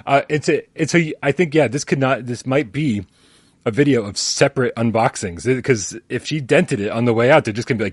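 A man co-hosting a gaming podcast, chatting casually with quick asides and mock quoted voices. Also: mid-range voice, husky. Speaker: gaming YouTuber and podcast co-host. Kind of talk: casual chat.

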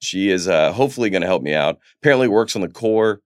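Laid-back low-voiced podcast co-host man. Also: expressive, quick pace, dry recording, studio quality. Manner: laid-back, jokey storyteller. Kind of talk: casual chat.

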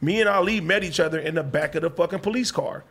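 A man in casual podcast chat, telling animated, profane stories from his life. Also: fairly high pitch, fast talker.

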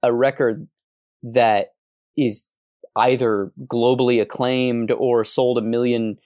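A man's voice: medium pitch, no room sound, clean studio sound. Wordy, analytical man on a podcast. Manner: animated, wordy, analytical, jumps into quick asides. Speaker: podcast co-host. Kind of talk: casual podcast discussion.

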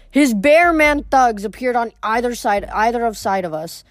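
A woman reading a novel aloud in steady narration, with occasional small slips. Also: on the high side, normal speed, dry recording, studio quality. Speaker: reader.

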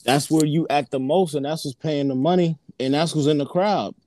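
A man's voice: fairly high pitch, fairly even intonation, a little fast, a little mellow, no echo, clean studio sound. A man, a comedian guest talking in a laid-back, slangy way in a casual interview, laughing often. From New York.

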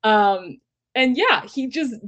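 A woman's voice: a little high, animated, slow pace, a bit bright, dull audio. A woman co-hosting a casual podcast, retelling events expressively with laughs and quoted lines. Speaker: podcast co-host. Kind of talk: casual chat.

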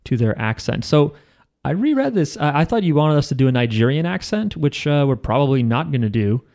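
Rambling deadpan man, podcast co-host. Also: fairly high pitch, a little fast, gravelly. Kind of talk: casual chat.

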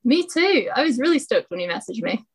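Young woman w/ a faint scottish accent, kinda high voice, cheerful and laughing a lot, guest on a podcast. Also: very animated, a little fast, slightly rough, low-quality recording. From Scotland. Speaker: guest, long-distance hiker. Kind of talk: casual interview.

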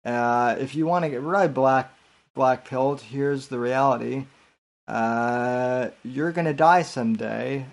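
A man's voice: mid-range voice, measured pace, creaky. A man hosting a casual late-night podcast stream, hesitant and full of fillers and restarts. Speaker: podcast host.

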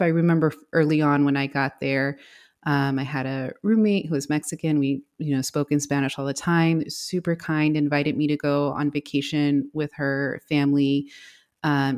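Low-voiced woman, reflective guest. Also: darkish tone. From United States. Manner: reflective, lots of fillers, laughs lightly. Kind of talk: conversational interview.

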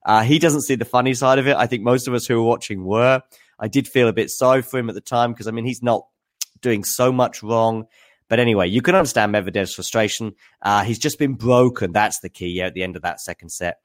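A man's voice: mid-range voice, fairly quick. A man hosting a live tennis news recap, chatting with viewers in a hesitant, filler-heavy way. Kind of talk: live-stream commentary recap.

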